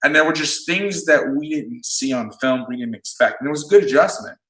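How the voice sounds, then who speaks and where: Blunt, plain-spoken football coach, roomy sound. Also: male voice, a little high, animated, fairly quick, a bit bright. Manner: blunt, swears freely, explains plays in detail. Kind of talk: casual podcast chat. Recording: roomy echo.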